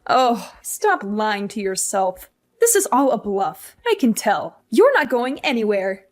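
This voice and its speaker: A woman's voice: medium pitch, big pitch swings, a little slow. A woman voicing a demanding, guilt-tripping older mother in a hospital bed, in a scripted story drama, with a scolding, condescending manner. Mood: mocking. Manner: scolding, condescending, self-pitying.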